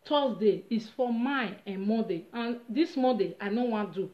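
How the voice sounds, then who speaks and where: A woman with a Nigerian accent casually retelling a story on her vlog, animated and dramatic. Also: fairly high pitch, normal speed. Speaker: vlogger. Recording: roomy, slightly dull recording.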